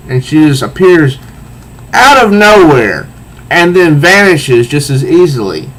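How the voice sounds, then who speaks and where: A man talks through a comic book issue panel by panel, in a casual, halting way and often repeating himself as he searches for words. He speaks slowly, and his voice sits a bit high for a man. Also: sing-song, fairly bright tone, low-quality recording.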